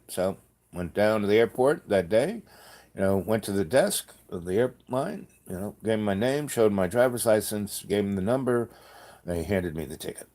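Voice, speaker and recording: A man's voice: fairly low pitch, expressive, moderate pace, darkish tone. A man telling a story in a loose, rambling way, with many restarts and joking asides. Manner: rambling, full of fillers and restarts, jokey asides. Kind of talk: casual spoken storytelling.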